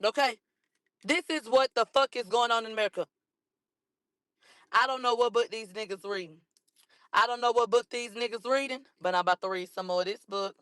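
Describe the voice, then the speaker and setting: A hoarse woman from a cold, ranting combatively and profanely at critics on a livestream, repeating herself. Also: on the high side, brisk, long pauses, a bit bright, dry recording, clean studio sound. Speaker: livestream host. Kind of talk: heated livestream rant.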